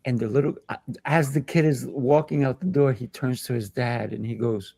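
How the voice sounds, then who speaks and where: Male host, kung fu teacher, gravelly texture, dry close sound, animated storyteller. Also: medium pitch, normal speed, few pauses, no echo. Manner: animated, acts out children's voices in anecdotes. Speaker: kung fu instructor and show host. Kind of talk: casual discussion, storytelling.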